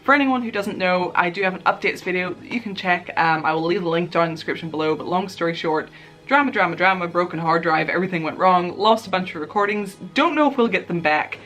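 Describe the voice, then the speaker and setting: Young woman vlogger, casual unboxing chat, excitable and gushing, faint music bed. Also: fairly low pitch, fast talker. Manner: excitable, gushing, chatty with many fillers.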